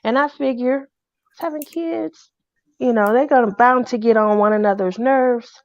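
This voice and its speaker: A woman telling a personal story in a casual, animated way. She acts out the people she quotes in a loud voice. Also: a little high, moderate pace, dry recording. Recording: dull, dry lo-fi recording.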